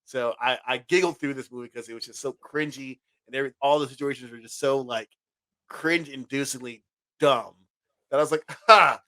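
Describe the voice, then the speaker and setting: A man's voice: mid-range voice, steady tone, brisk, dry recording. A man in his late thirties co-hosting a casual podcast, laid-back and giggly, often restarting his sentences. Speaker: podcast co-host.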